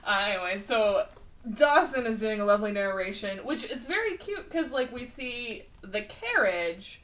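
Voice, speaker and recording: A woman co-hosting a podcast, chatting casually about an animated film, self-mocking and laughing often. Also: on the high side, moderate pace, distant mic, low-quality recording. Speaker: podcast co-host.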